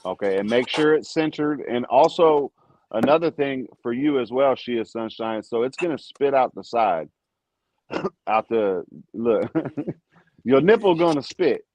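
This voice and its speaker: A man's voice: medium pitch, lively intonation, a little slow, darkish tone, no echo. A man hosting a casual livestream chat, joking around and laughing through easy banter over a video call. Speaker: livestream host. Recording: dull lo-fi sound with faint hiss.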